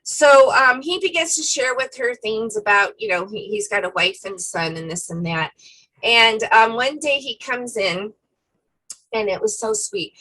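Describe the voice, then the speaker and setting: A woman co-hosting a casual faith-themed chat, retelling a story in an animated way with many fillers. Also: a little high, measured pace, rough recording. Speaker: co-host.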